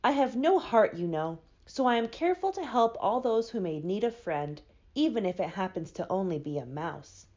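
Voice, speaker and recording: A gentle, kindly man made of tin, courteous and calm, with a lively rise and fall to his words, voiced by a woman reading aloud. The sound is slightly dull and lo-fi. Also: medium pitch, normal speed, lightly acted.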